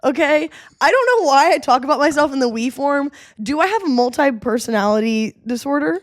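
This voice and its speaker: Chatty young woman co-host, slightly high. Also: fairly quick, no room sound, studio quality. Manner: rambling, self-deprecating, laughs often. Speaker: podcast co-host. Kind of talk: casual chat.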